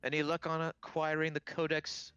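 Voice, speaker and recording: A man's voice: fairly high pitch, monotone, normal speed, sharp tone, smooth, no echo, dull audio, soft background music, voice pushed up. A man voicing a smug male villain who mocks and brushes things off in a tabletop game.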